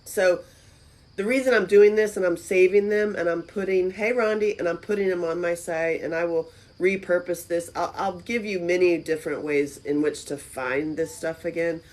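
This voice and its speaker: Chatty low-voiced woman livestreaming. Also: normal speed. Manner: lively and chatty, reads comments aloud. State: voice lower than usual. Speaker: livestream host. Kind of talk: casual livestream talk. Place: friend's house. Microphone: phone camera.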